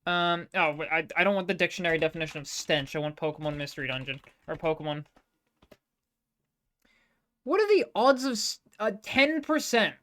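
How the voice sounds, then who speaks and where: A woman's voice: lowish voice, animated, fairly quick, a bit bright. A young Australian woman giving casual, chatty live-stream commentary, swearing freely and making self-mocking asides. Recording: game music in background.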